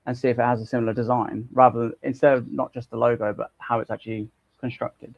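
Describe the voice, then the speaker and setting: Man, co-host, casual and jokey, swears, raspy edge, muffled recording. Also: medium pitch, level tone, fast talker, dry recording. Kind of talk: casual live-stream chat.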